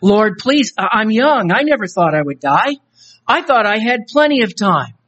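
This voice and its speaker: A man's voice: high-pitched, very animated, moderate pace, fairly bright tone, lo-fi sound, voice pushed up, heavily acted. A man doing a frantic young soul begging to enter heaven. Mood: desperate pleading. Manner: begging, tearful and stammering. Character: young man newly dead, desperately pleading at heaven's gate.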